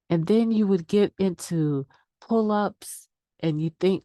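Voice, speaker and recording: At a recovery meditation, a middle-aged woman candidly shares her own experience in a conversational way, acting out quoted excuses as part of a daily meditation reading and sharing. Her mid-range voice is warm and slow, with no room sound.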